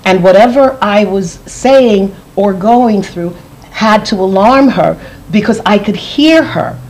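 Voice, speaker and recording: A woman's voice: medium pitch, slow, a little mellow, rough recording. A woman giving a personal testimony as an interview guest, earnest, often repeating phrases for emphasis.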